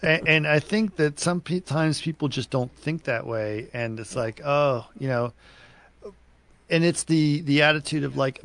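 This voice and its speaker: A man's voice: a little high, unhurried, a bit bright. A man co-hosting a casual podcast chat, telling stories in a rambling, self-correcting way. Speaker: podcast co-host.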